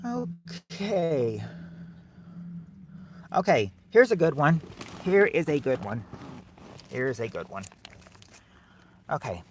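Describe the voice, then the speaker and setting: A man hosting a game show game on a livestream, joking with viewers in chat and loudly repeating the answers. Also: on the high side, sing-song, slow, pauses often, slight background noise. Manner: jokey and teasing, calls out answers loudly and repeats them. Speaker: livestream host running a family game show game. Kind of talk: casual livestream chat, reading viewers' guesses.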